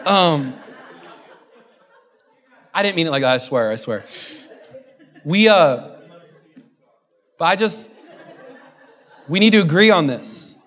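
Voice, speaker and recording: A man preaching a sermon in a church, joking and laughing at himself, then building to loud declarations. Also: a little high, animated, takes it slowly, pauses often, dull audio. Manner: self-deprecating, joking, laughing often. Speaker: guest preacher.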